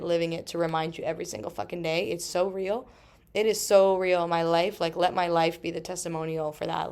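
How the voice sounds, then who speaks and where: A woman in her thirties hosting a solo podcast, talking emphatically with frequent swearing and quick asides. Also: lowish voice. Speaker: podcast host.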